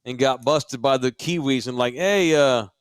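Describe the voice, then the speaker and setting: A man co-hosting a casual sports podcast from a studio, talking in an animated, profane way and laughing easily. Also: mid-range voice, normal speed, clean tone, no echo. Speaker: podcast co-host.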